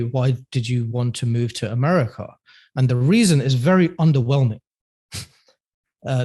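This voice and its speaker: A man's voice: mid-range voice, a little mellow. Chatty man. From London, England. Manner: chatty, laughs often, many fillers. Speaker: podcast guest. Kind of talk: casual interview storytelling.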